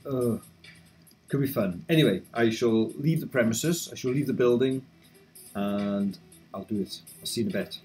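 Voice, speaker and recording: A man's voice: mid-range voice, darkish tone. A man casually commenting on a video game he is playing, chatty, reading game text aloud and adding wry asides. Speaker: let's play host.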